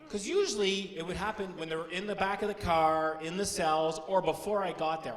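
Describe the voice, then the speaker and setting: A middle-aged man from Canada with a Canadian accent, doing animated stand-up storytelling on stage and jumping into high, shouted bits. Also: fairly quick, few pauses. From Timmins, Ontario, Canada. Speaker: stand-up comedian. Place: stage in a large hall. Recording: roomy hall with long reverb.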